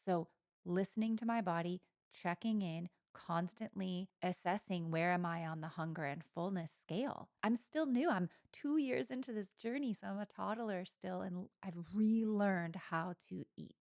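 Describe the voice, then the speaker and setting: A woman's voice: medium pitch, normal speed, creaky, darkish tone, dry recording, clean studio sound. A woman co-hosting a podcast, speaking openly and reflectively in an intimate conversation. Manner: open, reflective, candid. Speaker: podcast co-host.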